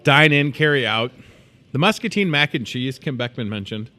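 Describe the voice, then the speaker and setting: A man's voice: mid-range voice, moderate pace. Playful man hosting a store show. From moved to Iowa as a student. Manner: playful, joking, animated. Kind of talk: casual promotional chat.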